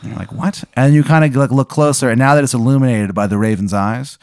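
A man narrating a comedic improvised adventure as game master, deadpan with frequent fillers. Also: medium pitch, quick pace, no echo, studio quality.

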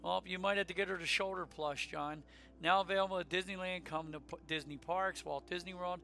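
A middle-aged man co-hosting a casual chat show, talking in an animated, emphatic rant. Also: high voice, brisk, creaky. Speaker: podcast co-host.

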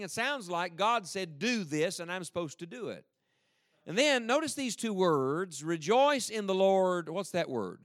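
A man's voice: a little high, sing-song, normal speed, fairly bright tone, no echo, studio quality. A man preaching a sermon with emphasis and joking asides, leading the congregation to read aloud with him. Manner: leads the congregation in reading aloud. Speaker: pastor.

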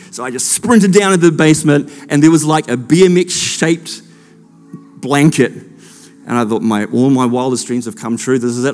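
A man's voice: medium pitch, a little mellow. Man preaching in an echoing hall. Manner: personal storytelling, rising to impassioned preaching. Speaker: pastor. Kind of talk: Christmas sermon. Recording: long hall reverb with faint music.

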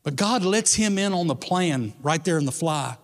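A man's voice: on the high side, animated, moderate pace, long reverb tail. A man preaching a sermon as a pastor, in a casual, conversational way with bits of slang. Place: church sanctuary.

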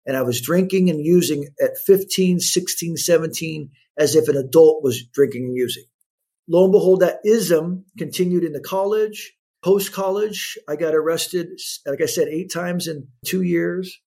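A man's voice: fairly high pitch, moderate pace, slightly rough. A man in his fifties, a guest telling his story in an interview, acting out the voices of the people in it. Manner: animated storyteller acting out quotes.

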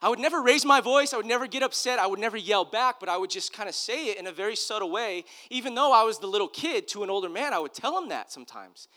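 A man's voice: high voice, lively intonation, quick pace, hardly any pauses, sharp tone. A man, a pastor, giving a conversational sermon, telling personal stories in an earnest, loose way with restarts.

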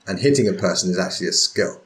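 A man's voice: deep voice, fast talker. A man hosting a podcast interview, talking in a thoughtful, rambling way and checking in with "right?". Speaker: podcast host. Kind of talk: casual interview chat.

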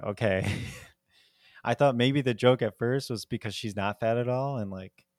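A man's voice: medium pitch, a little slow, darkish tone, no echo, studio quality. Rambling, laughing man reviewing movies. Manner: rambling, lots of "like", laughs often. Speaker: podcast co-host. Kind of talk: casual movie review chat.

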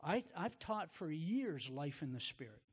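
A man's voice: fairly high pitch, very animated, measured pace, husky, in a large hall. A man hosting and teaching like a preacher, emphatic and repeating words as he builds his point. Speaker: preacher host. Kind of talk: sermon-like teaching.

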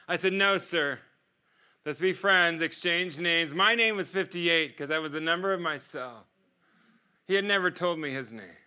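A man's voice: fairly high pitch, bright, forceful tone, clear, resonant tone. An American man preaching a sermon, telling his testimony as a vivid story and acting out the dialogue. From United States. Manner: vivid storyteller who acts out dialogue and laughs often. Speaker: guest preacher.

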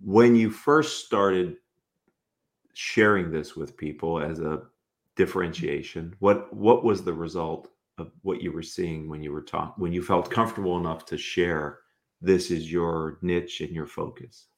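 Deep-voiced guy hosting, asks careful follow-ups, bit halting. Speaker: host. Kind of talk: interview questions.

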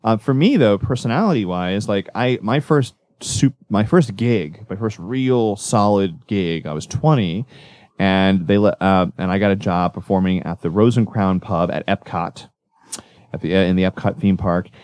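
A male magician talking casually in an interview, rambling and correcting himself as he tells animated stories. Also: lowish voice, normal speed, dry recording, studio quality. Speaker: magician guest.

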